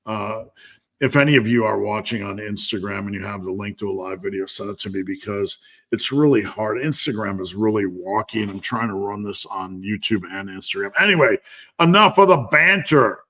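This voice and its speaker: A man's voice: lowish voice, steady tone, fairly quick. Blunt, rambling strength coach man. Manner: candid and blunt, rambling with many fillers. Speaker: strength coach hosting a live Q&A. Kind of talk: casual live-stream Q&A.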